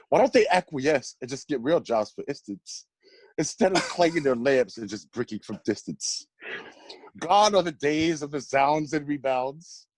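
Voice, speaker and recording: A podcast co-host with a slightly high, breathy-edged voice is animated and laughs often on a casual show. He reads a comic rhyming poem with swagger, and there's no room sound.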